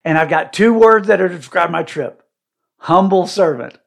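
A middle-aged man, a guest on a podcast, shares an emotional personal story in a high-pitched, creaky voice, speaking a little fast. He's animated, dramatically acting out what people said with big swings.

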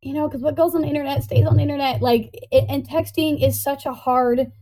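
A woman in a casual conversation, animated and laughing often, slipping into playful voices when quoting herself. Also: high-pitched, brisk, rough recording.

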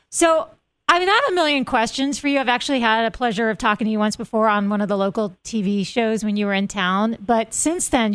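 A woman's voice: a little high, fairly bright tone, clean tone, no room sound. A woman hosting a morning radio show, chatty and bubbly as she chats on air. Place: radio studio.

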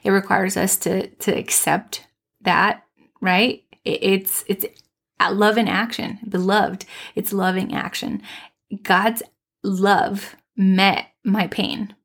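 A woman hosting a faith podcast, telling a personal testimony in an earnest, heartfelt way with soft, tender pauses. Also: mid-range voice, flat delivery, gravelly. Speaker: podcast host.

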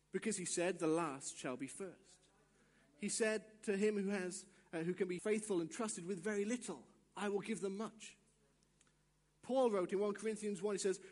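A male pastor giving a sermon, acting out little dialogues and swinging from quiet asides to shouts. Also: high-pitched, in a large hall.

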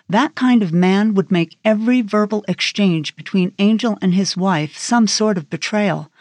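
A woman narrating a crime thriller audiobook in a steady, even storytelling manner. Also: lowish voice, no room sound. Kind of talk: scripted narration.

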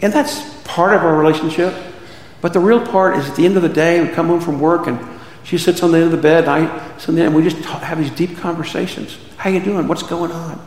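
A man's voice: a little high, steady tone, quick pace, darkish tone. A middle-aged male pastor preaching a conversational sermon, peppered with rhetorical questions to his congregation. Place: church sanctuary. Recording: echoey hall reverb.

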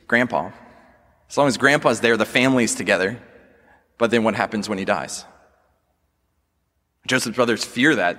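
A male pastor preaches in an earnest, measured way at a middle pitch and often puts questions to his listeners. His voice carries a long reverb from the church sanctuary around him. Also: a bit bright. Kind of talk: sermon.

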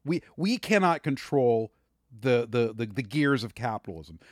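Passionate man arguing, lively pitch. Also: normal speed, no room sound, studio quality. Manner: passionate, raises his voice. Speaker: podcast co-host. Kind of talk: heated podcast debate.

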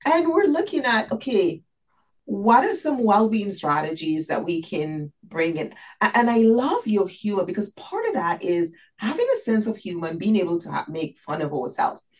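A woman's voice: mid-range voice, big pitch swings, normal speed. A woman in her fifties hosting a podcast interview, upbeat and welcoming, laughing easily. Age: 50s. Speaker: podcast host.

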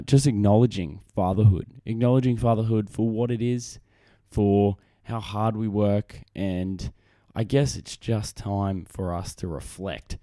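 This is a young man with an Australian accent hosting a casual podcast by himself. His voice is on the low side with a dark tone. He rambles and is self-deprecating, often restarting and filling gaps, and the desk microphone on camera gives studio quality with no room sound.

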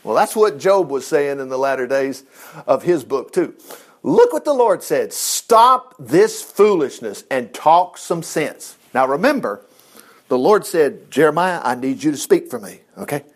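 A man preaching a casual sermon, reading scripture aloud and commenting on it in a folksy, animated way. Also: medium pitch, moderate pace.

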